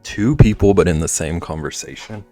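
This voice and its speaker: Deep gravelly-voiced man chatting on stream. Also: normal speed, mellow. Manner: rambling, chatty, trails off into mumbles. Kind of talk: casual livestream chat while drawing. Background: faint background music.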